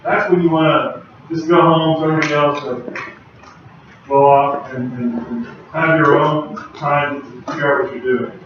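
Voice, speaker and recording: A man lecturing a university class in a relaxed, chatty manner, his slightly raised voice bouncing around a very echoey lecture hall. He sounds far from the microphone, and the recording is dull and lo-fi with a faint hum behind him. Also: on the high side, measured pace. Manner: casual, conversational, chatty with asides.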